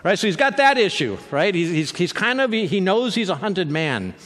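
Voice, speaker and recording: A man's voice: sits high, big pitch swings, moderate pace, fairly bright tone, in a large hall. A man preaching a sermon as pastor, conversational and with joking asides.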